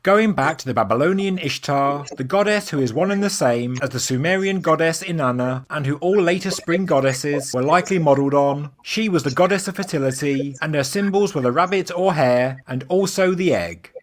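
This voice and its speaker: A man narrating a history video in a measured, scripted reading. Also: on the high side. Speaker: documentary narrator.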